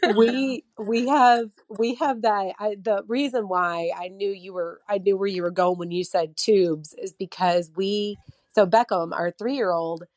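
A woman's voice: mid-range voice, steady tone, a little slow, a little mellow, dry recording, studio quality. Chatty woman telling a story. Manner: chatty storyteller, many fillers, acts out quotes. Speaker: mother of a child with a heart condition. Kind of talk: casual podcast conversation.

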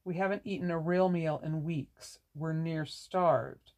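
A reader voicing a hungry, worn-out traveling man who pleads hoarsely. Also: medium pitch, unhurried, darkish tone, close to an everyday voice. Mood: pleading. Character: starving weary traveling man.

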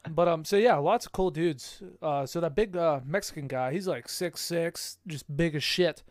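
Excitable, profane young man telling stories. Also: fairly high pitch, normal speed, no echo, clean studio sound. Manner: profane, animated storyteller, laughs often. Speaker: podcast co-host. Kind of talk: casual chat.

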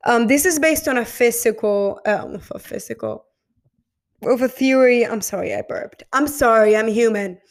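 A woman's voice: a little high, normal speed, hardly any pauses. Rambling woman podcast host. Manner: rambling, swears casually, frequent ums and self-corrections. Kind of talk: casual solo film chat.

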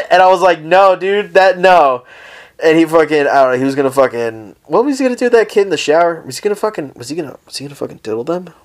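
A man's voice: on the high side, very animated, racing. A young man hosting a casual solo podcast, rambling through stories with heavy swearing and frequent laughter. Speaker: podcast host.

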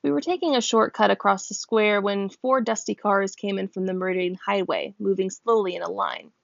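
A woman with a gravelly voice reads a novel aloud at a brisk, steady pace, giving characters small pitch lifts. At one point she stops to check how a word is pronounced and laughs. The close recording sounds dull and dry.

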